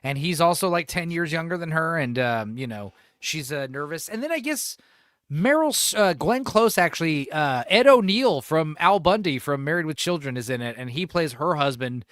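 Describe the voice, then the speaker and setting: A man's voice: on the high side, expressive, normal speed, fairly bright tone, no room sound, clean studio sound. A man hosting a podcast, rambling and profane in casual chat, laughing often. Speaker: podcast host.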